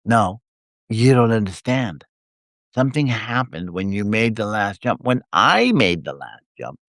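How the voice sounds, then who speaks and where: A man reading the lines of a mysterious woman time guardian, matter-of-fact and quietly insistent, in his low voice. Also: very animated, unhurried, dry recording, studio quality, exaggerated voice. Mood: calm.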